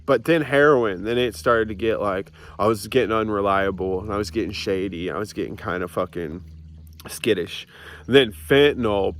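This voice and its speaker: A young man in a casual confessional vlog, rambling and swearing, filming outdoors on a hillside with a handheld camera. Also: fairly low pitch. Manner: rambling, profane, self-mocking with restarts. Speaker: vlogger.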